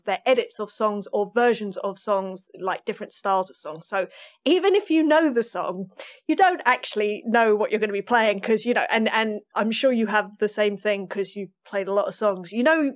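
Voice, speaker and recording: A woman drummer, a podcast guest, telling stories in a lively, chatty way and laughing often. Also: mid-range voice. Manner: animated storytelling, laughs often. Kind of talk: casual interview chat.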